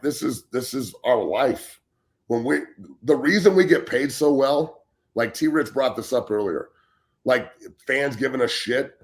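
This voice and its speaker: A former pro football player of about forty, co-hosting a talk show, telling a story in a blunt, profane, emphatic way. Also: male voice, medium pitch. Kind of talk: heated casual talk show rant.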